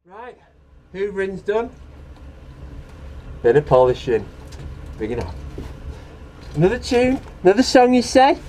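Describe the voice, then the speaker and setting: Man, chirpy theatrical asides, lively up-and-down pitch, mellow voice, faint background hum. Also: a little slow, pauses often. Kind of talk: comic chat during housework. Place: indoors at home.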